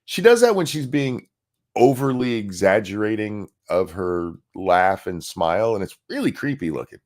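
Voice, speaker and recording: A man's voice: lowish voice, big pitch swings, normal speed. A man hosting a profane, sarcastic political commentary rant over video clips. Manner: sarcastic, profane, mocking mimicry.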